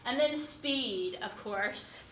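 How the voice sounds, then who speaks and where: Fast-talking woman lecturing in an echoey classroom. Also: on the high side. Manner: fast-talking, animated, keeps asking "right?". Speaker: instructor. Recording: echoey classroom, faint noise.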